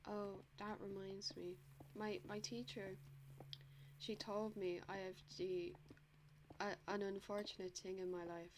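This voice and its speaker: Slow, rambling young Dublin Irish woman. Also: medium pitch, level tone, noisy background. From Ireland. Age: young adult. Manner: rambling, lots of "like" and restarts, self-mocking. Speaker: streamer. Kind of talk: casual gameplay chat.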